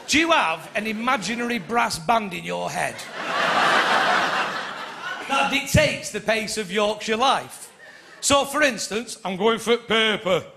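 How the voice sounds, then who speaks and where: A man with a northern English accent doing a stand-up comedy set on stage, chatty and teasing the crowd. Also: high-pitched. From north of England. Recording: echoey live venue with audience noise. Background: audience laughter.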